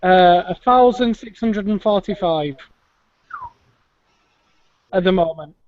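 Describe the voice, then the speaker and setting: A man co-hosting a podcast who rambles and hesitates in casual chat, with a high voice. The audio is dry and lo-fi. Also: slow, no room sound. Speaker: podcast co-host.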